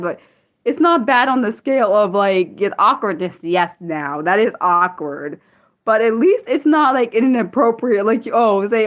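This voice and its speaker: Woman hosting an unscripted livestream; rambling, apologetic, chatty reactions to viewers. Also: medium pitch. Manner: rambling, often apologizing, reacting to chat comments. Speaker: livestream host. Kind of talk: casual unscripted livestream chat.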